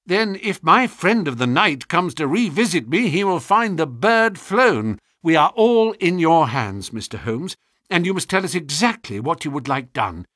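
A man doing an earnest convalescent young gentleman. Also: fairly high pitch, big pitch swings, moderate pace, no room sound, studio quality, voice pushed up.

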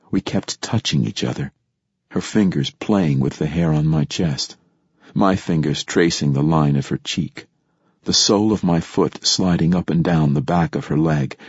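A man reads a novel aloud in a measured, reflective narration. His voice is very deep and husky, recorded dry and close with a slightly dull, muffled sound. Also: no echo. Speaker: audiobook narrator. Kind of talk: scripted narration.

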